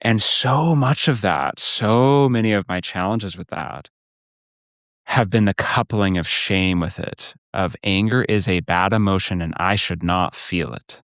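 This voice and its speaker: A man's voice: low voice, a little slow, a bit bright, no echo, clean studio sound. A man hosting a recovery podcast, reflective and affirming as he talks about his own struggles. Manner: reflective and affirming, frequent agreement sounds. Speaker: podcast host, recovery coach. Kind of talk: casual podcast conversation.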